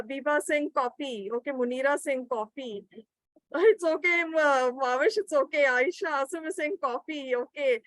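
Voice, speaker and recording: A woman's voice: sits high, fairly bright tone, dry recording, rough recording. A woman running a live webinar, reading out participants' answers and encouraging them. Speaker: webinar trainer. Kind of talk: live online teaching session.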